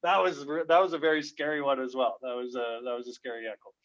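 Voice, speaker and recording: A man's voice: medium pitch, fast talker. Man telling stories on a dull, lo-fi line. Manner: lively, laughs often, acts out shouts in his stories. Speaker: guest comedian. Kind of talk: animated storytelling in a podcast interview. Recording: dull lo-fi sound.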